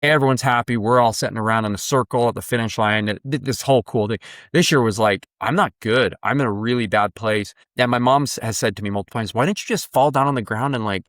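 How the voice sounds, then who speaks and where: A man's voice: lowish voice, fast, a bit bright, dry recording, clean studio sound. A man hosting a podcast, reflectively telling a personal story in a casual, emotional way. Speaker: podcast host. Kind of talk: casual interview conversation.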